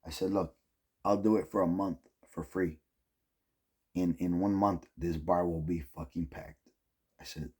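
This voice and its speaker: Middle-aged man, low dark husky voice, casual rambling vlog storyteller, swears a lot. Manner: rambling, heavy use of "like" and "um", profane. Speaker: vlogger.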